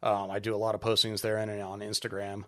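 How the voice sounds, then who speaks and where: A man who owns a brewery, talking casually as a podcast guest, relaxed and rambling with lots of filler ums. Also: lowish voice, fast talker. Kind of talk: casual interview chat.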